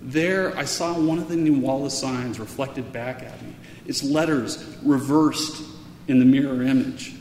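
A man recounts a personal story in an earnest, halting way, stumbling over and repeating words. His voice sits in the middle range. It rings with a long reverberant echo and a faint ambient hum behind it. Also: mid-range voice, a little mellow. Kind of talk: personal story told aloud. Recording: echoey hall with faint ambience.

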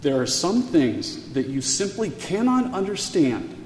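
A man telling a personal story aloud in an earnest, halting way, often repeating words as he goes. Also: fairly high pitch, very animated, slight background noise. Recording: echoey hall with faint ambience.

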